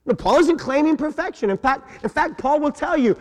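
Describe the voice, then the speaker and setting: A pastor delivers his sermon in a raised, high voice, hammering on key words and putting questions to his listeners. The sound carries a long reverb from a large church sanctuary. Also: sing-song, brisk, few pauses. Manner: emphatic, repeats key words, asks the congregation questions. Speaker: senior pastor.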